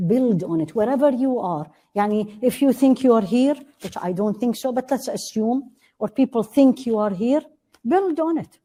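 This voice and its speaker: A woman's voice: mid-range voice, dark tone. Earnest woman teaching a religious class. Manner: earnest, asks the class questions and answers them; recites Arabic verses quickly.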